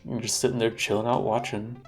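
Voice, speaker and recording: A man in his thirties chatting casually while streaming a game, relaxed, laughing often and swearing freely. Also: mid-range voice, fairly quick, soft background music.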